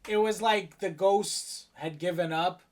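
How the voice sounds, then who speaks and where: A woman co-hosting a gaming channel, chatting casually about a horror game and acting out the scares with yells and whispers. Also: fairly low pitch, measured pace, a loud crowd.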